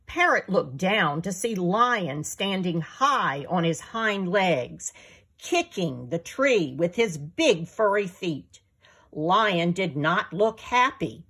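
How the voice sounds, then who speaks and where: A woman author reading her children's picture book aloud in an expressive storytelling manner. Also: lowish voice, slow pace, husky.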